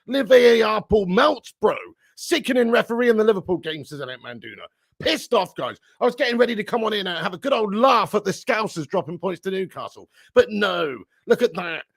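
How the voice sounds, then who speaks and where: A man's voice: high voice, expressive, a little fast, gravelly, no echo. Man, live-stream host, banter, dry close mic. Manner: banter-heavy, teasing chat readers with swearing. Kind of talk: casual live-stream chat.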